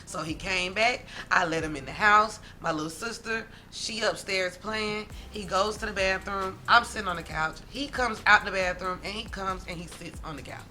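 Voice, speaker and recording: A woman vlogger telling a story from her teens in a casual, animated way, talking straight to her viewers. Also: mid-range voice, normal speed, hardly any pauses, faint music behind. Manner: animated, dramatic, talks straight to viewers as "y'all".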